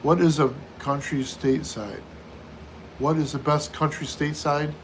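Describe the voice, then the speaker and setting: A man's voice: on the high side, steady tone, normal speed, slight background noise. A middle-aged man hosting a casual livestream, reading viewer comments aloud and answering each one in turn. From United States. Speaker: livestream host.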